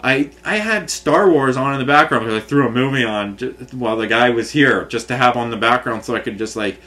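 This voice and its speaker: A man's voice: mid-range voice, fairly quick, sharp tone. A man, ranting to camera in an agitated, rambling way with many fillers and restarts. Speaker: vlogger. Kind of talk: frustrated rambling rant to camera.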